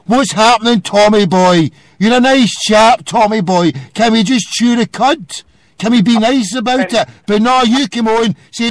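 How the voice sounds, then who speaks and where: A man's voice: high-pitched, a little slow, no echo, clean studio sound. A Scottish man hosting a call-in show, ranting and hurling insults at a caller. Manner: abusive, ranting, hurls insults. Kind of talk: phone-in radio rant.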